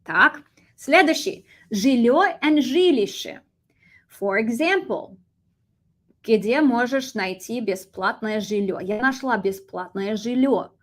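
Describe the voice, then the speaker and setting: American woman teaching russian vocab, bouncy animated voice, kinda high, flips between english and russian. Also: takes it slowly. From United States. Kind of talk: vocabulary lesson.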